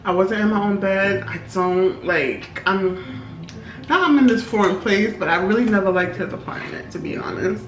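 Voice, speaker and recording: A young woman, telling a story in animated, slangy style while eating, often laughing. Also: mid-range voice, moderate pace, recorded from a distance. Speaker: vlogger, co-host. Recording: roomy, off-mic, faint background hum.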